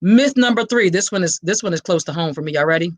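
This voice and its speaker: A woman with a lowish, lively voice talks fast on a dry recording. She's a podcast host and survivor advocate giving a live-streamed awareness talk, reading comments and preaching straight to her listeners with passion.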